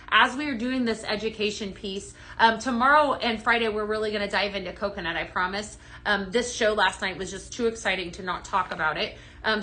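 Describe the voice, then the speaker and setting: A woman's voice: fairly high pitch, bright, forceful tone. Bubbly chatty woman selling home products. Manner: bubbly, chatty, reads viewer comments aloud. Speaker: live shopping show host. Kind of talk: live product selling stream.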